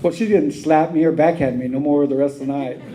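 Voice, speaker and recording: A man's voice: on the high side, steady tone, a little fast, crowd noise, poor audio. A man speaking at a recovery meeting, telling his own story in a plainspoken, drawling way, with many "uh"s and "you know"s.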